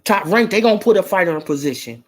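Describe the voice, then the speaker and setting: A man's voice: high voice, expressive, fast. A man hosting a casual boxing talk show, talking back to his chat, emphatic and slangy with plenty of cursing. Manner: emphatic, profane, slangy, fired-up. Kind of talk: casual opinionated sports talk.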